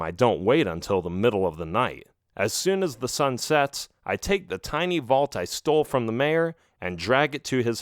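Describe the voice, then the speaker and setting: A man's voice: medium pitch, no echo. A man narrating a children's audiobook in the first person, reading expressively into a close mic.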